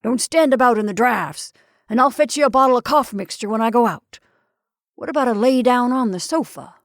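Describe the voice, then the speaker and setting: A woman voicing an indignant, selfish middle-aged husband who talks loudly and blusters. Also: fairly high pitch, brisk, dry recording, studio quality, voice pushed up, close to an everyday voice. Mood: gruff. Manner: loud, blustering, complaining.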